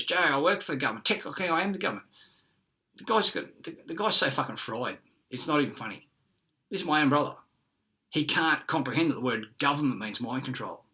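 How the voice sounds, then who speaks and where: Ranting Australian man with a bright, cutting voice, swearing through a rambling monologue. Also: medium pitch. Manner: agitated, profane, conspiratorial ranting.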